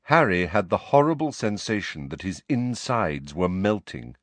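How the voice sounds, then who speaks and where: A man narrating a story in an expressive, measured way. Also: deep voice, no room sound. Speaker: audiobook narrator.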